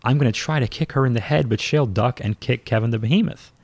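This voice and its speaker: A man, a former pro wrestler, telling a story in a casual, lively and self-mocking way, with some swearing. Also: mid-range voice, fast, slightly rough, no echo.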